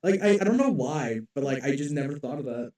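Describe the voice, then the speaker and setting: A young man co-hosting a podcast in casual chat, blunt and quick to chime in, swearing freely. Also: a little high, lively intonation, dark tone. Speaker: podcast co-host. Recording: echoey room, far from the mic.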